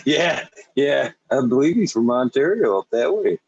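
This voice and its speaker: A man's voice: mid-range voice, expressive, moderate pace, creaky, a little mellow, breathy edge, no echo, lo-fi sound. A young man hosting a casual late-night podcast chat, laid-back and swearing freely, who slips into mocking voices as he laughs. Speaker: podcast host.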